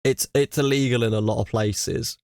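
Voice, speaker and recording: An English man chatting on a stream, close to the mic in a dry room. He rants with animated emphasis, circling back over the same point, while his voice sits mid-range. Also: mid-range voice, moderate pace, dry recording. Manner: ranting, animated, repeats himself. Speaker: streamer reacting to a video. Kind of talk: casual reaction chat.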